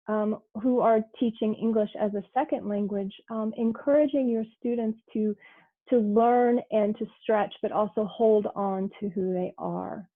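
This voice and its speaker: A woman giving a poetry reading, slow and deliberate, pausing between phrases. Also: mid-range voice, gravelly. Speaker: poet. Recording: thin phone-like sound.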